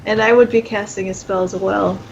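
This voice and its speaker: A woman playing a tabletop game, asking careful, deliberate questions. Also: medium pitch, steady tone, vocal fry, lo-fi sound, a little hiss or hum. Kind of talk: casual play over a call.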